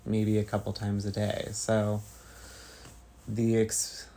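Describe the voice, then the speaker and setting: A man from Northern California chatting casually with his stream viewers, slow and rambling. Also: on the low side, monotone, warm tone, a little hiss or hum. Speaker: livestreamer.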